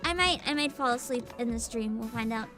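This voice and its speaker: A woman's voice: on the high side, steady tone, fairly quick, loud music behind the voice. A young woman hosting a casual VTuber livestream, sleepy and giggly, reading chat aloud. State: sleepy and tired.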